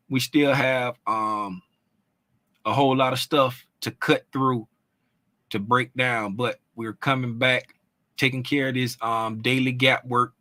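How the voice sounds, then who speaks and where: A man's voice: mid-range voice, fairly bright tone, dry recording. A man casually walking through market charts, thinking aloud with frequent ums and self-corrections. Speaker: trading analyst.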